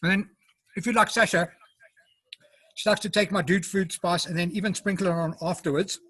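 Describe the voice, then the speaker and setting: A high-pitched man with a South African accent walks viewers through his cooking, chatty and unhurried, taking bites as he talks. His voice carries a husky edge. It comes through a video call and sounds close and dry. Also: fairly even intonation, fairly bright tone, no echo. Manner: chatty, explains step by step, eats while talking. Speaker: home cook presenting. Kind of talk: casual live cooking demo.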